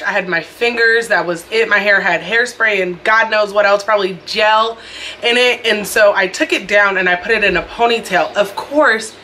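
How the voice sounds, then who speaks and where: A young woman vlogger telling a story in a chatty, expressive way, talking straight to her viewers and recording on her phone. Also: medium pitch, a little hiss or hum. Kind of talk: casual storytime vlog. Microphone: phone camera.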